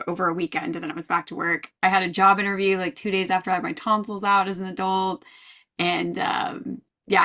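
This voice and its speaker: Bright-voiced chatty woman host. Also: mid-range voice. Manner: chatty, laughs often. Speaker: podcast host. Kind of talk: casual chat.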